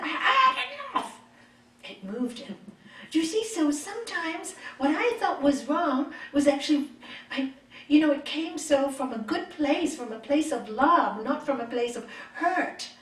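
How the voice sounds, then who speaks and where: A middle-aged woman yoga teacher giving a spiritual talk, telling personal stories in an expressive, conversational way. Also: high voice. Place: retreat meeting hall. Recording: echoey room, mic far off.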